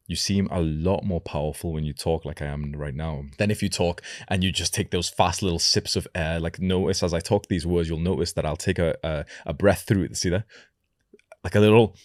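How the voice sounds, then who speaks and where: A young man coaching viewers in a direct-to-camera vlog, instructive and deliberate, demonstrating his own voice as he explains. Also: deep voice, darkish tone, no echo, studio quality. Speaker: self-improvement coach.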